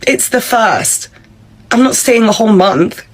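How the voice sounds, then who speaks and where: A woman's voice: on the high side, lively intonation, unhurried. A young woman, performing a comedy sketch as a fed-up employee. She talks in a blunt, sarcastic, exasperated way.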